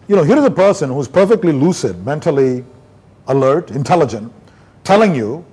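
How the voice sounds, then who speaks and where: This Indian man's voice is slightly high and a bit rough. Giving a neurology lecture at a conference, he's a lively storyteller who plays out doctor-patient dialogues from his cases.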